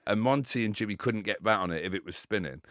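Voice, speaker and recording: A man telling stories on a podcast, animated and quick to laugh and swear. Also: lowish voice. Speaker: guest, former cricketer. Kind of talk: casual chat.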